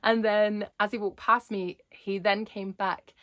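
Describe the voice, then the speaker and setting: A woman's voice: medium pitch, flat delivery, measured pace, a bit bright. A young adult woman chatting in a vlog, bubbly and rambling, laughing often as she talks. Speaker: Disney vlogger.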